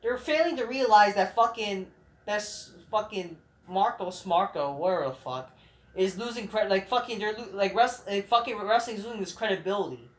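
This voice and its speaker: A man's voice: high voice, expressive, normal speed. A man hosting a vlog, delivering a rambling, heated, profane rant full of restarts. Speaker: vlog host. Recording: roomy echoing room.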